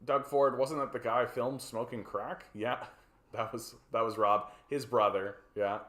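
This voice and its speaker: A man's voice: mid-range voice, fairly even intonation, a little slow, a bit bright, reverberant. A man with a Canadian accent, hosting a livestream of casual political commentary, rambling and profane, tagging his points with "right?". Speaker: livestream host.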